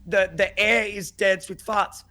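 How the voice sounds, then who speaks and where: A man's voice: high voice, fairly even intonation, a little slow, sharp tone. A young man telling a story in casual chat, acting out quotes with lots of swearing and laughter. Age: young adult. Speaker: podcast guest.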